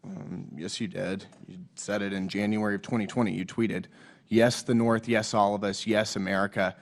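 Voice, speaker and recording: Man, hoarse from a cold, fairly low voice; a lawmaker at a hearing, blunt, reads quotes aloud. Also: level tone, normal speed. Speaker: lawmaker questioning a witness. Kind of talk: congressional hearing questioning. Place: hearing room.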